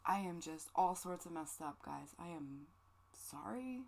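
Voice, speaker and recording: Woman streamer, lower voice, loose profane chatter, emotional and fighting tears. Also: expressive, a little slow, vocal fry, a little mellow. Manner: rambling, joking, profane. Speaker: livestreamer. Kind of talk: casual stream chat.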